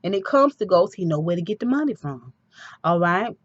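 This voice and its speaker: A woman's voice: on the low side, fairly quick, no room sound, muffled recording. Chatty woman recapping a show. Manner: animated storytelling with asides. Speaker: TV episode recapper. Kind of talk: casual TV recap.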